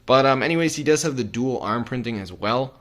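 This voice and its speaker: A man's voice: medium pitch, a little fast, fairly bright tone. A man reviewing building toys in a casual vlog, rambling and hesitant, with lots of fillers and self-corrections. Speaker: toy reviewer.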